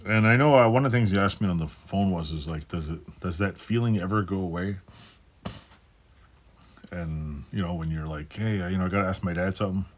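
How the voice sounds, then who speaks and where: A man in his fifties with a deep, low-pitched voice that carries a husky edge. He talks loosely in a personal vlog, rambling and cursing. He fills his sentences with "uh" and "like" as he restarts them. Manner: rambling, profane, halting with many fillers. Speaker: channel host. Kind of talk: casual personal vlog monologue.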